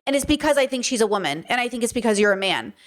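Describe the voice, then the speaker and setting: A woman's voice: fairly high pitch, animated, very fast. A woman hosting a reaction commentary video, talking bluntly and emphatically, with frequent swearing.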